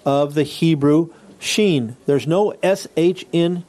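Male teacher, slightly high, mellow voice, patient classroom explainer who restarts phrases and keeps asking "okay?". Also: slow. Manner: checks in with listeners often. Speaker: Bible Greek teacher. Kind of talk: classroom lecture.

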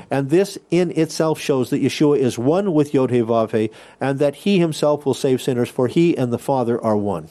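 A man teaching a Bible lesson in a podcast lecture. His voice sits a little high but sounds warm and mellow. He reads passages aloud and walks through Greek words point by point. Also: moderate pace, hardly any pauses.

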